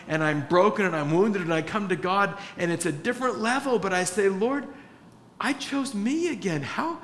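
A man preaching a sermon to his church, impassioned, swinging between hushed confession and loud emphasis. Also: high-pitched. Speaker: pastor. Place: church sanctuary. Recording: church hall reverb with faint room noise.

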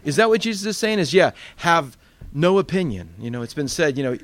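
A man's voice: a little high, big pitch swings, a little fast. Conversational man preaching a Bible study. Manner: conversational, rhetorical questions. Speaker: pastor. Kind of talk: sermon-style Bible study.

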